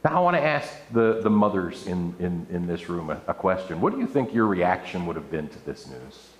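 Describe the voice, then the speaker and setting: A man's voice: low voice, very animated, normal speed, slight background noise. A man preaching a sermon to a room, reading scripture aloud and adding playful asides. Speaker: pastor. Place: church room with an audience. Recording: echoey room.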